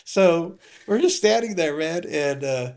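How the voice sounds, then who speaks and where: Laughing, animated middle-aged man telling stories. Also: fairly high pitch, measured pace. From California. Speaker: retired police captain, guest. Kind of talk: casual storytelling.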